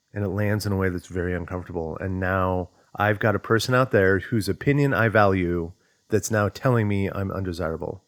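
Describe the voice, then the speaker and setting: A man's voice: sits low, brisk, dry recording. A man speaking in a thoughtful, conversational way as he teaches self-development, working through questions aloud. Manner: acts out inner voices in quotes. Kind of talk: reflective explanatory monologue.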